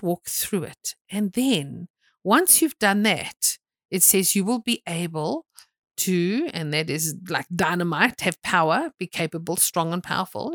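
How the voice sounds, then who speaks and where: A woman's voice: medium pitch, no echo. A woman delivering a sermon in an emphatic, repetitive preaching manner, swinging into sudden dramatic bursts. Her voice sits in a middle range for a woman. The recording is dry and close.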